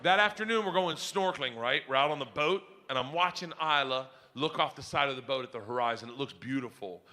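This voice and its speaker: A man's voice: medium pitch, fairly quick, sharp tone. A middle-aged man doing rowdy, profane stand-up storytelling on a comedy stage.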